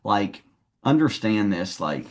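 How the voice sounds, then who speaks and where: A man's voice: on the low side, very animated, slow pace. A man coaching a salesperson one-on-one, talking in a confident, direct way.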